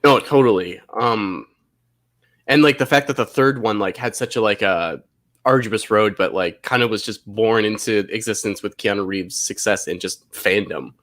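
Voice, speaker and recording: A man's voice: on the low side, moderate pace, a bit bright. A man hosting a casual movie watch-along stream, laid-back and rambling, full of "like.". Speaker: podcast host.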